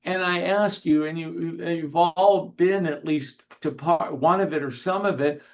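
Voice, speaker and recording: A male minister preaches slowly and gently over a video call, with a fairly high voice for a man. He guides slow breathing and slips in dry little jokes. The call audio is dull and lo-fi. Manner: gentle, unhurried, guides breathing, humorous anecdotes. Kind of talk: sermon.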